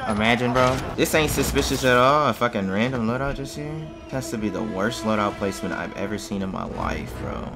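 A young man giving profane gameplay commentary, muttering to himself and then bursting into yelling. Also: fairly low pitch, brisk, gravelly, few pauses, music in the background. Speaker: gaming channel host.

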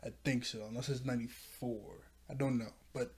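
A man hosting a casual episode recap, excitable and quick to laugh as he retells scenes. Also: mid-range voice, husky. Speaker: show reviewer.

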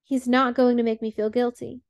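A young teacher pushes back, defensive and exasperated, read by a woman narrator. The voice is slightly high and gravelly. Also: level tone, normal speed, darkish tone, close to an everyday voice.

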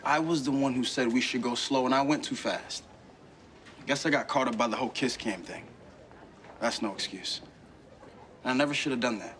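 A young man acting a calm, sincere high school senior, in a sitcom. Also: a little fast, pauses often, a little hiss or hum, lightly acted.

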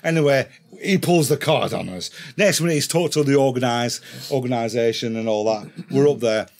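At a moderate pace and medium pitch, an Englishman shares a rowdy story as a podcast guest. The casual chat is profane and lively, with him laughing as he goes.

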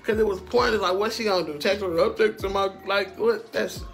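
High-voiced man telling a slangy story. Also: steady tone, fairly quick, creaky, a bit bright. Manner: slangy and profane, with frequent asides to the listener. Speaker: storytime vlogger. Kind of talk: casual storytelling to camera.

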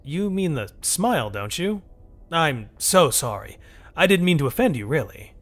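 A man voicing a friendly human space explorer who talks eagerly and apologetically, pitched above his own voice. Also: sing-song, normal speed, faint music behind. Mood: earnest.

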